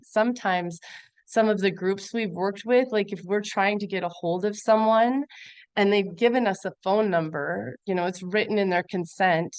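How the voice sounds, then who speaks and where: Woman, webinar presenter, low-pitched, dry sound, relaxed, video call. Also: clear, resonant tone, no echo. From Montana. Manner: earnest, conversational with frequent fillers. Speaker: guest presenter.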